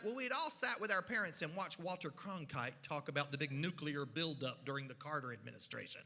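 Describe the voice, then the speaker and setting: A man's voice: a little high, gravelly, long reverb tail. Folksy man telling stories. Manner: folksy, animated, with drawn-out pauses. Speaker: storyteller. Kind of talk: humorous storytelling at a church event. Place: church hall.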